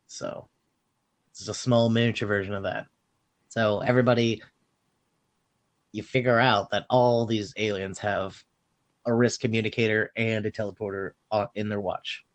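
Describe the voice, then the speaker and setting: A man's voice: lowish voice, normal speed, pauses often. A man co-hosting a casual podcast, retelling a film scene by scene with swearing and bursts of acted-out lines. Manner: animated storytelling, swearing, acting out lines. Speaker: podcast co-host recapping a film. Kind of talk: casual chat.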